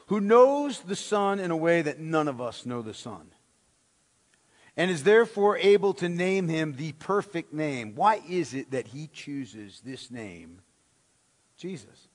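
A man's voice: a little high, lively intonation, measured pace. A man preaching a sermon as pastor, emphatic, with rhetorical questions and words repeated for stress. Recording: long hall reverb.

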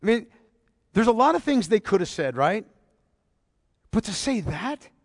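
A male pastor preaching a sermon, moving from hushed near-whispers to loud, emphatic passages full of rhetorical questions. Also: sits high, very animated, measured pace, dry recording.

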